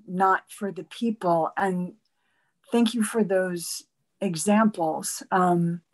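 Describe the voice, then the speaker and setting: A woman student thanking her teacher, speaking hesitantly with pauses and fillers. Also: medium pitch, rough recording. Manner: hesitant, grateful, halting with fillers. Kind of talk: question in class.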